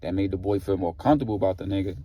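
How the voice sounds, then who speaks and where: A man's voice: sits low, rapid-fire, dark tone, husky. A man retelling a story in a casual, slangy way, leaning on "like" and "you know" as he goes. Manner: slangy, loose, heavy on filler "like".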